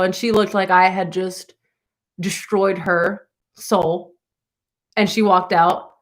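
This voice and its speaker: A woman's voice: mid-range voice, unhurried, pauses often, fairly bright tone. A young woman vlogger telling a rambling story to her viewers with lots of asides and laughter.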